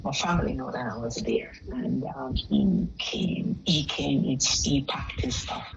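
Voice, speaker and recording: Woman, gravelly, telling her story. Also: rumbling low, a little slow. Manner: animated, quotes dialogue, drops to near-whisper at times. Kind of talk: casual storytelling. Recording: dull lo-fi sound with faint noise.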